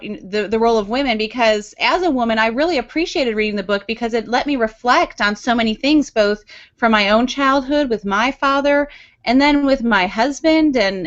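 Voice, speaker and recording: A woman's voice: a little high, a bit bright. A woman hosting an interview, affirming the guest and asking long, rambling questions with restarts. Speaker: interview host. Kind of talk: conversational interview. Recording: dull lo-fi audio.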